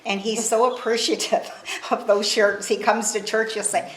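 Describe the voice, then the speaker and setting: A woman's voice: mid-range voice, flat delivery, normal speed, reverberant, a little hiss or hum, rough recording. An older woman leading a church seniors' discussion in a chatty way, laughing easily. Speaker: discussion leader in a seniors' group. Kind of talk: casual group discussion.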